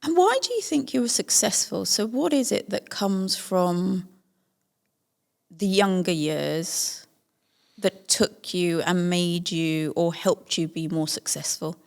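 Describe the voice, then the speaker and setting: A woman's voice: fairly low pitch, takes it slowly, creaky. A woman hosting a podcast interview, asking probing follow-up questions. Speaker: podcast host.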